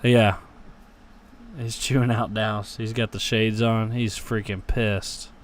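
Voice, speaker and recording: In this live football reaction, a young man's fairly low voice barely changes pitch and runs a little slow as he grumbles and swears at his team, responds to chat, and breaks into cheering on big plays. A faint hiss or hum sits underneath.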